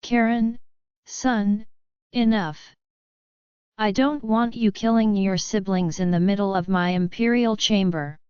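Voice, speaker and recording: Tired old emperor dad, read by a woman, slow and calm, clear dry voice. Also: mid-range voice, no room sound, highs cut off, close to an everyday voice. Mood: placating. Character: older male emperor, flustered but fatherly.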